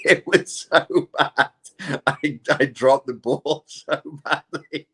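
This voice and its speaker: British guy on a podcast, slightly low voice, animated jokey storytelling. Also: unhurried. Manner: animated self-mocking storyteller. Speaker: podcast co-host. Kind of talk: casual chat.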